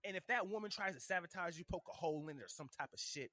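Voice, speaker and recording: A man co-hosting a podcast, chatting casually in an animated, joking, rambling way. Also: on the high side, fast talker, hardly any pauses, husky, no echo. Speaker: podcast co-host.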